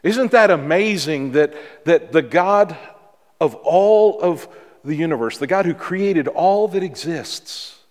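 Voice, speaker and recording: Slow preaching man in a reverberant hall. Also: fairly high pitch, expressive, darkish tone. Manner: dramatic pauses, repeats key words for emphasis. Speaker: pastor. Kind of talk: sermon. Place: church sanctuary.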